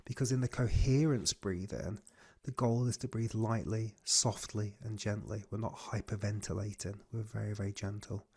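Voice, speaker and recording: A man leading a guided breathing class on a video call, giving slow, soothing cues. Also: fairly low pitch, fairly even intonation, warm tone, breathy edge. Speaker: breathwork coach.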